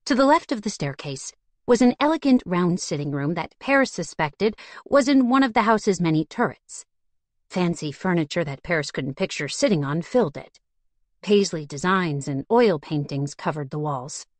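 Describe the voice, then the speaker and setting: A woman narrating a fantasy audiobook in a steady storytelling manner. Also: lowish voice, no room sound. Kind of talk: scripted narration.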